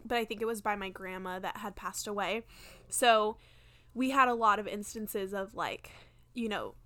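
A young woman co-hosting a casual podcast, telling a ghost story from her childhood in a soft, chatty way. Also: mid-range voice, normal speed. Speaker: podcast co-host.

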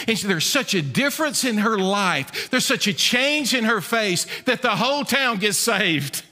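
Bright-voiced preacher in an echoey hall. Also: male voice, high-pitched, normal speed. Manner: folksy, animated preaching with repeated words. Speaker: pastor. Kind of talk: sermon. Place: large church hall.

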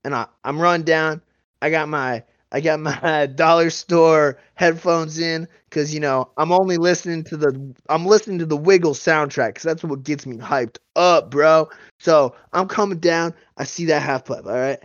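A boastful, dim-witted young bro skier, played by a man with a slangy surfer drawl and a smooth, fairly high voice. The audio is dry and a little muffled. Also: normal speed, no room sound, lightly acted. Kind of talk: improv comedy character.

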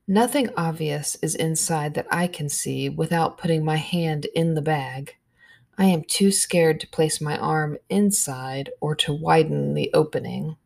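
A woman narrating a first-person story in a hushed, measured way, with soft whispered asides. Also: low voice, vocal fry.

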